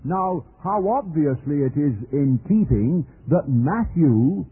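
A man preaching a measured, emphatic sermon, phrasing each point deliberately. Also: on the high side, expressive, a little hiss or hum. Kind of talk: sermon lecture. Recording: tinny old lo-fi radio recording.

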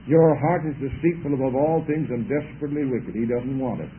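A man preaching a sermon, talking emphatically and building up to loud exhortation. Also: medium pitch, a little fast, a little hiss or hum. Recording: tinny lo-fi radio broadcast.

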